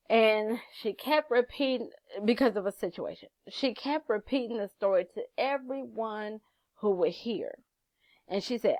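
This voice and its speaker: Chatty, animated woman host. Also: on the high side, dry recording. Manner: chatty, animated, acts out quotes. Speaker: channel host, life coach. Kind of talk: casual motivational talk to camera.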